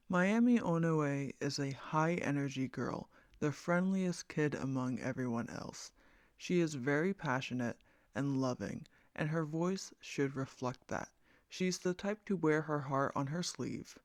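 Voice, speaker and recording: A man reading character descriptions for a casting call in a measured, plain way. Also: fairly high pitch, no room sound, studio quality.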